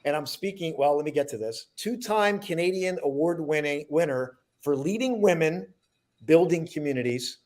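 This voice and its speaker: A man's voice: a little high, darkish tone. Effusive male host introducing guests. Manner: enthusiastic, halting, effusive. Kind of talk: introducing guests on a video call.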